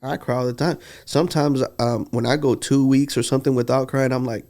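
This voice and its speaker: A man talks earnestly and from the heart, as a podcast co-host. His voice is gravelly and creaky, sitting at a middle pitch. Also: steady tone, brisk, warm tone. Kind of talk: casual podcast conversation.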